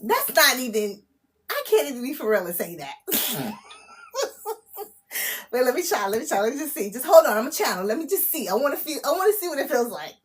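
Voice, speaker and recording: A woman, chatting on a live stream as a spiritual reader, laughing often, loud and disbelieving, full of slang. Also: sits high, big pitch swings, fairly quick, long pauses. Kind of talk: casual live-stream chat.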